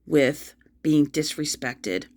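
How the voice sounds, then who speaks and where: A woman's voice: low-pitched, slow pace, darkish tone. A middle-aged woman venting angrily on a phone livestream, repeating herself as she pours out her hurt and frustration. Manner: upset, angry, repetitive outbursts. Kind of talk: emotional venting vlog.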